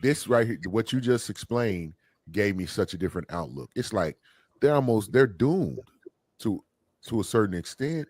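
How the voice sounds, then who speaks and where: Deep-voiced animated male podcast host. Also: normal speed, no room sound. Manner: animated, exclaiming, reads out viewer comments. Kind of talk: casual podcast conversation.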